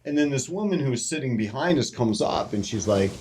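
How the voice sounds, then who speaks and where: A man co-hosting a podcast, telling a profane, animated anecdote in casual chat. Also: mid-range voice, brisk, hardly any pauses, slight background noise. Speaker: podcast co-host.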